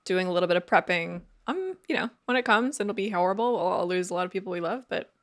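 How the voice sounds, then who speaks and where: Woman, podcast co-host, casual chat, lowish voice, chatty, many fillers. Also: lively intonation, fast.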